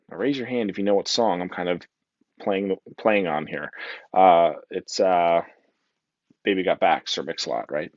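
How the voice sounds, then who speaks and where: A man's voice: sits low, moderate pace, dry recording, lo-fi sound. A man with a New Jersey accent giving a casual, joking conference talk full of fillers. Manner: chatty, joking, many fillers and "right?". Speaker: conference speaker.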